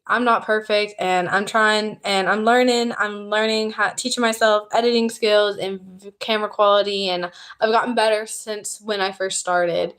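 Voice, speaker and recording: A young woman with a Southern American accent chats on a livestream in a friendly, upbeat way. She talks at a medium pitch and reads out viewer comments as they arrive. Her delivery is loose and conversational. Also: steady tone, normal speed, fairly bright tone. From Southern United States. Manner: chatty and upbeat, reading out viewer comments and thanking new subscribers. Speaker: YouTuber hosting a livestream. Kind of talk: casual livestream chat.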